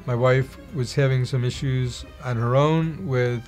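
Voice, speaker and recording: A man's voice: medium pitch, fairly even intonation, a little slow, darkish tone. Man telling his life story over music. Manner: acts out quoted dialogue in other voices. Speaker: interviewee telling his testimony. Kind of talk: personal testimony storytelling.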